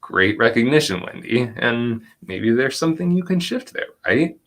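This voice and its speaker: A man leads a live online workshop in a gentle, reflective voice, slowing right down on the phrases he wants to land. His delivery is calm and encouraging as he picks up comments from the chat and answers them. The tone stays soft and unhurried throughout. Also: medium pitch. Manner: gentle, reflective, with slow deliberate stretches and soft laughs. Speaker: presenter and educator.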